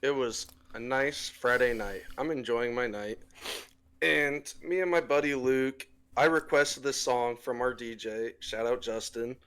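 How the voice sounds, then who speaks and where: A young man spins a crude, lively party story for his podcast, playing out the voices of people he met. His pitch sits in the middle of the range, and he talks into a desktop mic on a voice call. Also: unhurried, smooth. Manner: crude, animated, acts out quoted voices. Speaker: podcast co-host. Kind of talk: casual storytelling over a voice call.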